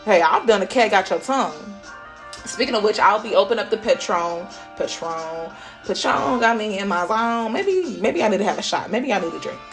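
A woman's voice: medium pitch, lively intonation, normal speed, soft background music. A woman hosting a podcast, giving a casual spiritual pep talk in a blunt, profane way. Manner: blunt and profane, swears freely. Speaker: podcast host.

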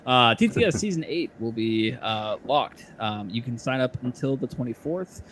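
A man hosting a casual podcast, speaking at an ordinary, middle pitch. He keeps things loose and chatty, laughing often and filling gaps with "um" and quick restarts. A faint hiss sits under the voice. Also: animated, a bit bright. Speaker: podcast host.

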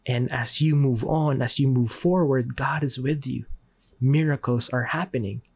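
A man speaks earnestly as a podcast host, urging listeners toward hope and faith. His voice is slightly husky, and he slows down for dramatic pauses on the key lines. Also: medium pitch, darkish tone. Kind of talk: inspirational faith talk.

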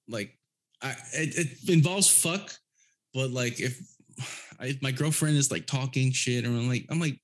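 A man's voice: medium pitch, expressive, moderate pace. A young adult man talking as a podcast guest, laid-back and rambling, swearing freely and leaning on fillers. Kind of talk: casual chat.

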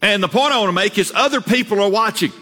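A man preaching a sermon as pastor, earnest, repeating words and climbing higher to stress a point. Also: quick pace, sharp tone. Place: church sanctuary. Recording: reverberant church hall.

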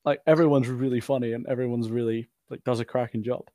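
Halting, chatty male podcast co-host. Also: medium pitch, fairly even intonation, warm tone, no room sound, studio quality. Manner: halting, many restarts and fillers, laughs often. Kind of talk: casual film discussion.

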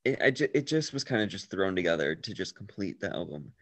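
A man's voice: deep voice, sing-song, brisk, no echo. A man casually talking about writing his songs, laid-back and rambling, often trailing off mid-thought. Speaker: songwriter discussing his album. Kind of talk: casual chat. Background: music.

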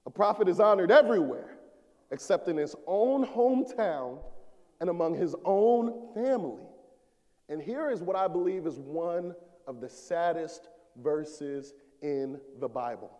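A man preaching a sermon as an associate minister, swelling to shouts and dropping low. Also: long reverb tail.

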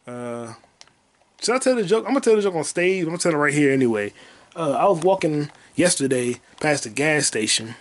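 A man hosting a podcast alone, telling crude, rambling stories and bursting into loud high yelps and sound effects. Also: expressive, brisk. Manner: profane, rambling storytelling. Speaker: podcast host. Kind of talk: casual solo podcast monologue.

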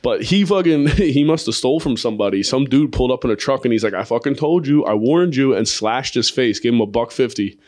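A man with a middle-pitched voice hosts a podcast in loose, crude chat. He swears constantly, jokes crudely and tells rambling stories. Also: fast talker, hardly any pauses. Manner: profane, joking, storytelling. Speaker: podcast host; comedian.

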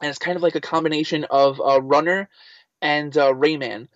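An animated man chatting as an interview guest, telling his story in a loose, casual way with many fillers. His voice sits a little high for a man. The sound is dry and slightly dull. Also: fairly quick, no room sound. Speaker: guest, voice actor and writer. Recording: slightly muffled dry recording.

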